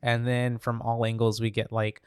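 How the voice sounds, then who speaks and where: A man's voice: medium pitch, monotone, moderate pace, clear, resonant tone, no room sound, studio quality. A man co-hosting a podcast, recapping a film in loose casual chat, swearing freely and filling gaps with "um" and "like".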